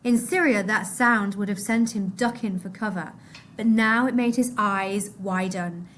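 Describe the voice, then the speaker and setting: A woman reading a novel aloud to a class, expressive, her voice dropping low and soft at the sad moments. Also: a little slow, slight background noise.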